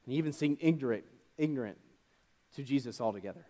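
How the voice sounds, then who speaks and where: A man's voice: mid-range voice, animated, fast talker, dark tone. A man preaching a sermon as pastor, retelling a story casually with fillers and self-corrections. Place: church.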